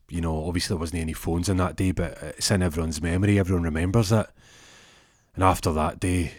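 A man's voice: sits low, no echo, clean studio sound. A man telling a comic story in a casual, rambling way with lots of restarts.

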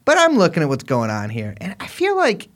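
Animated joking man podcast co-host. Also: fairly high pitch, brisk. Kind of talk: casual banter.

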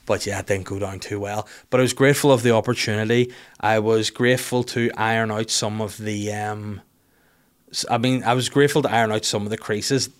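A man's voice: fairly low pitch, steady tone, fairly quick. A man, telling funny self-deprecating stories about his life in casual, sweary talk. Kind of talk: casual storytelling monologue.

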